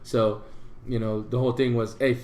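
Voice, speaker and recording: A man's voice: medium pitch, animated, quick pace, roomy sound. A man co-hosting a podcast, telling a story in casual chat and acting out the voices of the people in it. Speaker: podcast co-host.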